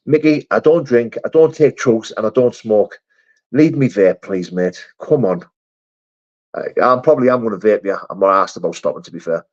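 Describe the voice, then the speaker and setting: A man's voice: mid-range voice, darkish tone. A man hosting a casual live chat, reading viewer comments in a matey, chummy way. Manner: chatty, matey, calls viewers mate and brother. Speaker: live stream host. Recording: dull lo-fi stream audio.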